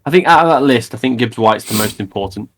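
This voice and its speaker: A man's voice: mid-range voice, lively intonation, fast talker, fairly bright tone, slight background noise. A man co-hosting a football podcast, thinking aloud in casual conversation. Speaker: podcast co-host.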